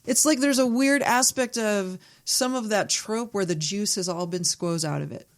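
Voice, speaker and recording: A woman filmmaker chatting as a podcast guest, telling stories in an animated way and swearing freely. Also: medium pitch, moderate pace. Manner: animated storyteller, acts out quotes, swears freely. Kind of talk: casual podcast chat.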